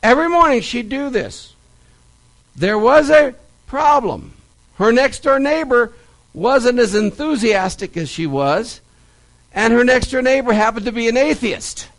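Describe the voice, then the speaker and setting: A male preacher speaks in a high, lively voice that rises and falls widely. He talks slowly and leans on repeated phrases for emphasis. He delivers a sermon and Bible study in a church. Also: low-quality recording. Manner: animated storytelling, stressed repetitions.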